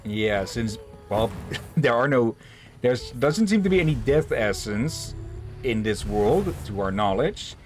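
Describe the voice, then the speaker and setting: A man's voice: medium pitch, expressive, slow pace, soft background music. A man casually chatting with friends while streaming a game, reading its text aloud and swearing now and then. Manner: rambling, swears casually, many fillers.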